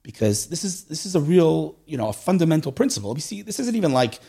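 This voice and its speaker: A middle-aged man telling stories in a casual conversation, animated and acting out voices, often checking in with "right?". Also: on the high side, quick pace, gravelly, breathy edge.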